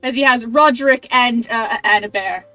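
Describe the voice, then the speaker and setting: A woman narrating as game master of a tabletop game, her voice bright and a little high. She rambles with many fillers, recorded dry and close with faint music behind. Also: normal speed, no room sound.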